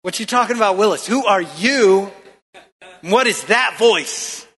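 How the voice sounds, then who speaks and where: Male preacher doing a suspicious baby, high bright voice, slow questions, echoey church hall. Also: animated, breathy edge, heavily acted. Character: wary baby eyeing a stranger.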